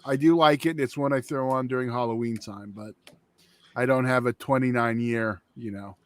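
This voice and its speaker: A man with a middle-pitched voice chats wryly on a movie review podcast, often poking fun at himself. The sound is close and dry. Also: steady tone, moderate pace, no room sound. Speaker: podcast co-host. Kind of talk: casual review chat.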